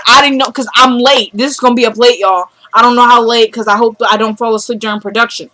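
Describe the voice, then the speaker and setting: A woman's voice: fairly high pitch, fairly even intonation, quick pace, hardly any pauses, pushed and bright, rough recording. A woman vlogger casually recapping a TV episode, retelling scenes in a chatty storytelling way and quoting the characters.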